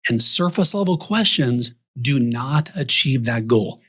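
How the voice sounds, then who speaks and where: A Texan man appears as a podcast guest, coaching advisors by acting out example conversations as an animated storyteller in interview talk. His voice is mid-range and slightly rough, at a measured pace.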